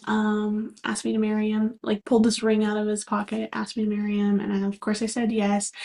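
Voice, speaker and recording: A young woman, co-hosting a podcast and telling a long story in a chatty way, full of fillers and laughs. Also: a little high. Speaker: podcast co-host. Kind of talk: casual chat.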